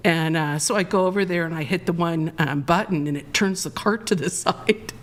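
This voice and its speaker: A woman guest on a live talk show, telling a long story in an excitable, rambling way, restarting her sentences. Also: lowish voice, moderate pace, hardly any pauses.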